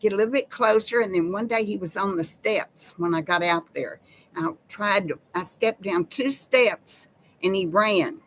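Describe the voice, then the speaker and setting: A woman's voice: medium pitch, normal speed, a bit bright, slight background noise, low-quality recording. A woman, hosting a casual live chat with viewers in a folksy, chatty way. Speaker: live-stream host.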